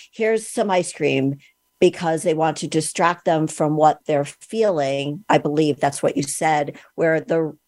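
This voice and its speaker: A woman's voice: deep voice, darkish tone, no room sound, studio quality. A woman hosting a podcast interview, asking long, rambling questions full of fillers. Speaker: podcast host. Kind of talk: casual interview talk.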